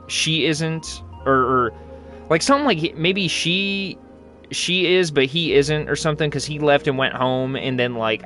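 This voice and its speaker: A man's voice: medium pitch, a bit bright. A young man casually commenting while playing a game, rambling, slangy and joking. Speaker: gaming channel host. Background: game music.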